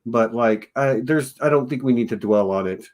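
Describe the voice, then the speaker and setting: A man's voice: mid-range voice, normal speed, a little mellow. A man from Texas co-hosting a casual film review podcast, enthusiastic and laughing often as he quotes lines. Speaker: podcast co-host.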